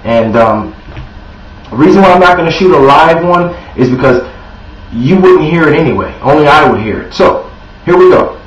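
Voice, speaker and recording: A man giving a sales training talk, acting out a phone pitch, who often clears his throat and restarts with ums. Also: expressive, moderate pace. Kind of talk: sales training demo with mock phone call. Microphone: Bluetooth headset. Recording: roomy, distant, dull lo-fi camera audio with faint hiss.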